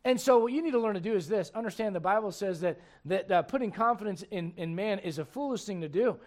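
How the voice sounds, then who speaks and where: A man's voice: high-pitched, animated, fast talker. A man preaching a sermon in an emphatic, conversational way, full of rhetorical questions.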